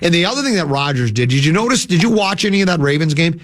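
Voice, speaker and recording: A man hosting a sports talk radio show, sounding lower than usual from a cold, rambling and restarting his sentences. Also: very animated, racing, a bit bright. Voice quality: usually whiny and nasal.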